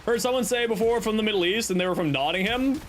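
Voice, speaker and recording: A man's voice: high-pitched, quick pace, faint music behind. A young man chatting casually with viewers on a game stream, playful and teasing. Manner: playful, teasing, joking deadpan bits. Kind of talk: casual live-stream chat.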